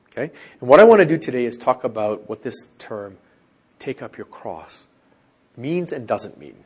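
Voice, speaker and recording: A husky-voiced man leads a small Bible study group. He teaches in a lively, animated way, acting out the quoted lines and turning to ask the group questions. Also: moderate pace. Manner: animated, acts out quoted lines with raised pitch.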